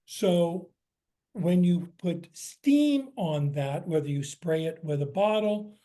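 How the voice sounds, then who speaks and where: A man's voice: high voice, expressive, takes it slowly, warm tone. An American man, a cookbook author, answering audience questions in a chatty, explanatory way with frequent fillers. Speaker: guest speaker, cookbook author. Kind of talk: lecture Q&A.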